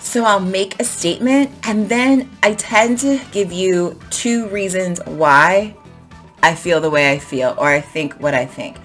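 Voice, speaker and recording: Low voiced woman teaching english, real emphatic, faint music under it. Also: a little slow. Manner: animated, emphatic, repeats phrases to model intonation. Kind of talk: explaining to camera in a lesson.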